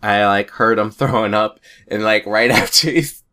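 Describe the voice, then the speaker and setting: A man's voice: on the low side, steady tone, normal speed, sharp tone. A man in a casual chat, telling rambling stories and chuckling often.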